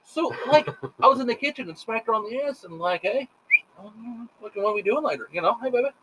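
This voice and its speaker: A middle-aged man telling rambling, profane stories in a casual chat, animated and full of quoted voices. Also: extremely high pitch, fairly quick, noisy background. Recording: dull lo-fi sound.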